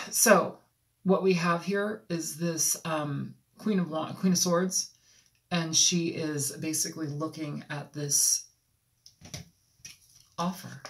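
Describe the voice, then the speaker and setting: A tarot reader from Los Angeles giving an intuitive reading, talking in a rambling, halting way with frequent ums, as if channeling impressions as they come. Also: mid-range voice, steady tone, fairly bright tone. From Los Angeles, United States.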